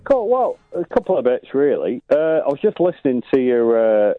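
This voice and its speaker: Male phone-in caller, chatty, rambling, fillers; tinny phone line, lively pitch. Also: brisk, no room sound, faint music behind. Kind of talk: casual phone-in chat.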